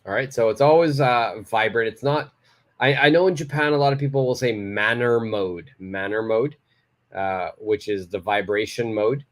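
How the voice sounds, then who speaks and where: In a live online lesson, a man with a lowish voice teaches beginners English at a moderate pace, stressing key words while he explains and offering praise to his students.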